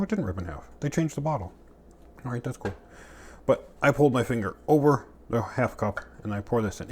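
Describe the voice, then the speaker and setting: Male home cook, low-ish voice, loose and jokey delivery; pots and utensils clatter behind. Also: a little hiss or hum. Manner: jokey, chatty, talks to himself while cooking. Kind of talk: casual cooking demo. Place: home kitchen.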